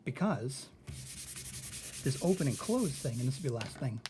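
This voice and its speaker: A man teaching a recorded lesson, thinking out loud as he works through examples and often checking in with "okay?". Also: medium pitch, big pitch swings, normal speed, background noise.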